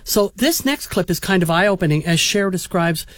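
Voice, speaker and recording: A man hosting a radio show about old clips, chatty and quick to laugh. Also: sits high, animated, dry recording, studio quality. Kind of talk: casual radio chat.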